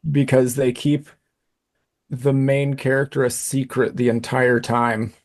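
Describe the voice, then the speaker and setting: Male co-host, relaxed, wry, average voice. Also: mid-range voice, a little slow. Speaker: podcast co-host. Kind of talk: casual chat.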